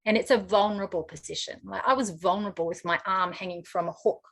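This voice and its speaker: A woman's voice: mid-range voice, steady tone, fast talker, a bit bright. A woman with an Australian accent, telling a personal story as an interview guest in a frank, chatty way, full of fillers.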